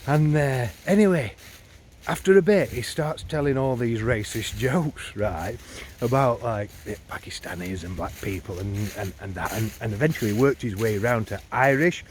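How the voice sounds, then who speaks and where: A man's voice: mid-range voice, slight background noise. A man telling a comic pub tale in a rambling, chatty way. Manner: rambling, chatty, with many fillers. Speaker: comic storyteller.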